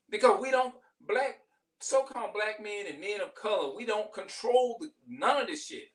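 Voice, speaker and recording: A man's voice: high voice, animated, moderate pace, a bit bright, far from the mic. A middle-aged man venting in a heated, profane, rambling monologue, repeating himself as he goes. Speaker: vlogger.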